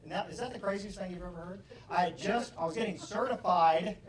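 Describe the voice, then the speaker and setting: A man giving a motivational seminar talk, acting out both sides of a story and rising to mock shouting. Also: high-pitched, a little fast. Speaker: motivational speaker. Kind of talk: live seminar talk with acted-out anecdotes. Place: seminar room with an audience. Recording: echoey room, distant mic.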